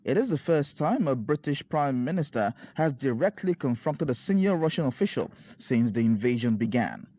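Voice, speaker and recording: A man reading a scripted news report voice-over in a steady, formal way. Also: medium pitch, normal speed, hardly any pauses. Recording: dry, slightly dull studio voice-over.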